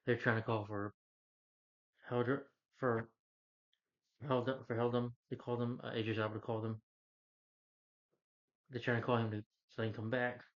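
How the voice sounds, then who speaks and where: A man's voice: mid-range voice, little pitch movement, moderate pace, pauses often, highs cut off. A man who reviews movies, casually retelling a film's plot in a loose, rambling way with lots of "like" and "you know".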